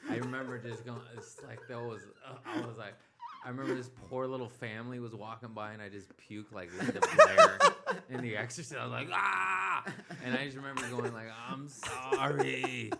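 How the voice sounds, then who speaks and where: A young man in casual chat, telling laid-back stories, trailing off quietly and acting out the voices of others. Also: mid-range voice, sing-song, fast, a crowd in the background. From US West Coast.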